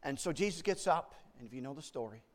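Animated man preaching a sermon. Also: medium pitch, fast talker. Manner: animated, repeats and restarts words, acts out panicked voices.

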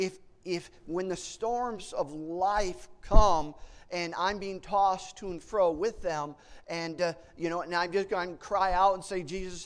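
Animated man preaching a sermon. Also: fairly high pitch. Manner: animated, repeats and restarts words, acts out panicked voices.

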